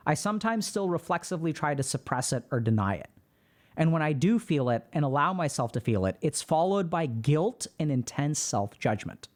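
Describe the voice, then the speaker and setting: A calm man reads a viewer's post aloud on his stream, then talks it through in an explaining, reflective tone. His voice sits a little high for a man. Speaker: host. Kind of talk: reading and commenting on a viewer post.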